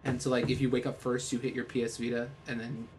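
A man co-hosting a casual podcast chat, animated and excitable. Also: mid-range voice, fast, a little hiss or hum. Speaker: podcast co-host.

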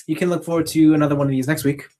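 A man's voice: fairly high pitch, steady tone, rapid-fire, dark tone. A man co-hosting a podcast, laid-back, chiming in with easy agreement and closing the show. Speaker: podcast co-host. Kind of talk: casual chat.

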